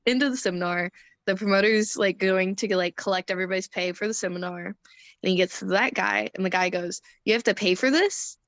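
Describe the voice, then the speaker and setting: A woman's voice: medium pitch, fairly even intonation, brisk, a bit bright, no echo. A young woman telling a story in an interview, chatty, laughing often and acting out quotes. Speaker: wrestler interview guest.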